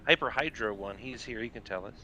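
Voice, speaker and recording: A man's voice: on the low side, quick pace, pushed and bright, a little hiss or hum. A man co-hosting a live stream, speaking hesitantly as he recalls details. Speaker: co-host. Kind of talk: casual live stream chat.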